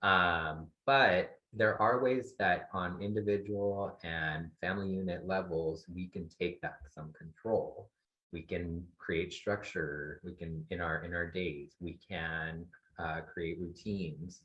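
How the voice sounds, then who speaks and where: A man with a very low voice gives family advice as an expert in an online talk, pausing often and restarting his thoughts. The sound is dull and lo-fi. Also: fairly even intonation, sharp tone. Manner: thoughtful, halting with many fillers. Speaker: psychologist guest expert.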